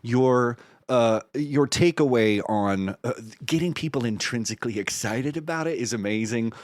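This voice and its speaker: A man's voice: medium pitch, normal speed, no room sound. A man hosting an interview, playful and enthusiastic, heaping praise on his guest. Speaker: podcast host. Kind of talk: casual interview chat.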